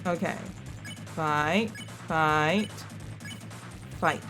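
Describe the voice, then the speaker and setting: A woman's voice: low-pitched, extremely slow, over music. A young woman playing through a video game on her channel, exasperated at herself and rambling through theories. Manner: exasperated, self-scolding outbursts and rambling theorizing. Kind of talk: let's play commentary.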